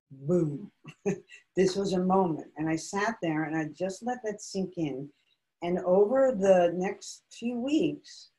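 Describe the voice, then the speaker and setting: A woman's voice: medium pitch, darkish tone, rough recording. A middle-aged woman from Los Angeles, a guest author candidly telling a personal family story in an emotional, reflective way. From Los Angeles, United States.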